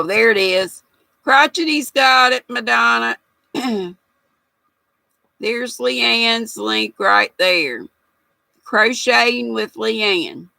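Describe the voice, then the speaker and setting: A woman's voice: medium pitch, vocal fry, bright, forceful tone, no echo, poor audio. An older woman hosting a casual livestream, chatty and folksy, reading viewer comments aloud and laughing often. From United States. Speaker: livestream host.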